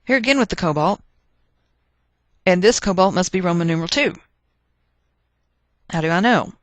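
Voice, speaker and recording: A woman's voice: lowish voice, lively intonation, normal speed, no room sound. A woman teaching a chemistry lesson, chatty and thinking aloud as she works through problems. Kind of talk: recorded chemistry lecture.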